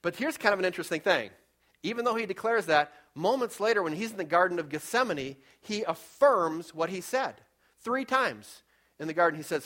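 A fervent male preacher delivering a sermon in a church, his voice sitting a little high. He speaks emphatically, pushing some phrases fast and drawing others out slowly for weight, and reads scripture aloud as he goes. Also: expressive, fairly bright tone. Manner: fervent, emphatic, varies pace for effect. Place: church with slides.

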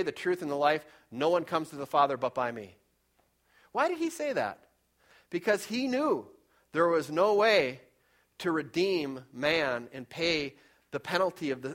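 A fervent male preacher delivering a sermon in a church, his voice sitting a little high. He speaks emphatically, pushing some phrases fast and drawing others out slowly for weight, and reads scripture aloud as he goes. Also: a bit bright. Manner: fervent, emphatic, varies pace for effect. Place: church with slides.

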